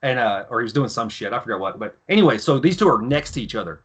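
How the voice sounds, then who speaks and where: Podcast guest, thirties, man; crude, lively storytelling; bright, pushed tone. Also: mid-range voice, quick pace, slightly rough. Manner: profane, animated, acts out yelling officers in his stories. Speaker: podcast guest, former Marine and author. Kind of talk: casual storytelling.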